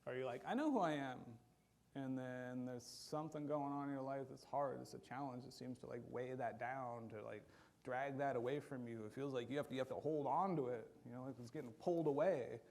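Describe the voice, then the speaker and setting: A man preaching a sermon in a church, talking in a conversational, animated way and acting out quotes along the way. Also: medium pitch, a little fast. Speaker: pastor.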